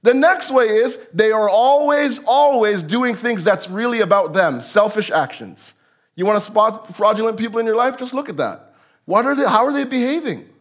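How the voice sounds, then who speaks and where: Male pastor, high-pitched, conversational sermon delivery that slips into the voices of the people he quotes. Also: expressive, normal speed. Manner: conversational preaching that acts out the voices in the text.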